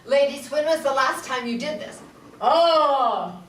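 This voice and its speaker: A woman's voice: sits high, fairly even intonation, a little fast, distant mic, a crowd in the background. Playful woman teaching singing in an echoey hall. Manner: playful, laughs often, demonstrates sung vowel sounds. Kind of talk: voice workshop talk to a live audience. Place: large room with an audience. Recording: roomy echo, voice from off-mic, audible room noise.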